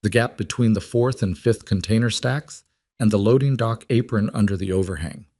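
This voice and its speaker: A man voicing a steely, decisive crime boss, giving firm, measured orders in an audiobook-style story. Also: fairly low pitch, darkish tone, no room sound, clean studio sound. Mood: commanding. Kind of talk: audiobook character voice.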